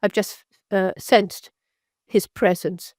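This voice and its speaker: An older British physician telling stories in an interview, rambling and halting with frequent restarts. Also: female voice, mid-range voice, fairly even intonation, a little mellow, no echo, studio quality. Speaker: physician guest. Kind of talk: storytelling interview.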